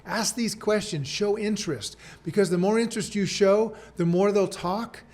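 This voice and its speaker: Man, podcast guest coach, earnest, repeats key points, fairly high voice. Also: normal speed, darkish tone. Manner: earnest, repeats key points, acts out sample client talk. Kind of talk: podcast conversation.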